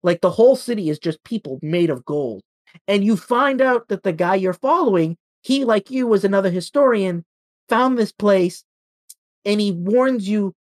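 A man's voice: sits high, animated, moderate pace. A man co-hosting a podcast in casual chat, retelling a story animatedly and acting out the quotes. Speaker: podcast co-host.

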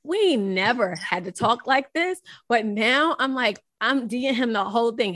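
Woman podcast host, therapist, casual and encouraging, laughs a lot, higher voice, dry close sound. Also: lively intonation, normal speed, fairly bright tone, no room sound. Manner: laughs often, encouraging, informal. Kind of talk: casual chat.

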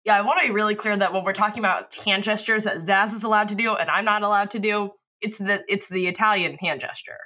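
A woman's voice: mid-range voice, fairly even intonation, fast, few pauses, sharp tone. A woman co-hosting a casual podcast chat, teasing and swearing casually. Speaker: podcast co-host.

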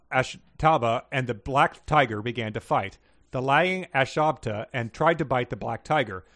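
A man's voice: medium pitch, fairly bright tone. Man casually reading aloud on a podcast. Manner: reads passages plainly with small stumbles and chuckles. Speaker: podcast co-host reading listener submissions.

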